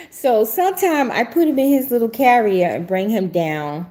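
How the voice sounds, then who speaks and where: A middle-aged host, chatting casually in a somewhat high voice. She talks in a lively, rambling way and laughs often. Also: unhurried. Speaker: prophetic show host. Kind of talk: casual livestream chat.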